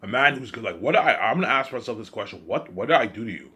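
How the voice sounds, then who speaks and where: A man's voice: on the low side, lively intonation, fast talker, pushed and bright. A man delivering an agitated, repetitive, accusing rant straight to camera. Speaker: vlogger. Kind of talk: ranting monologue to camera.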